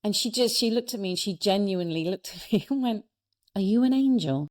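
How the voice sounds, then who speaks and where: A woman's voice: mid-range voice, fast talker. A woman, a speaker and coach, telling personal stories in an earnest, reflective way as an interview guest. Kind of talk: reflective conversational storytelling.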